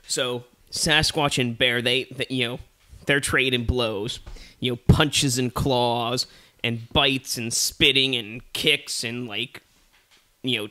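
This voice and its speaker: A man's voice: medium pitch, steady tone, slow, pushed and bright. A man co-hosting a comedy podcast, telling a rambling made-up story full of swearing and fillers. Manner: rambling, profane, many fillers. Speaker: podcast co-host.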